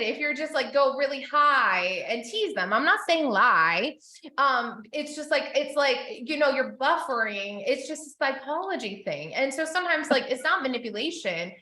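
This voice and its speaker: A woman coaching business owners in a live session, chatty and animated, acting out the people she quotes. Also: high-pitched, moderate pace, echoey room.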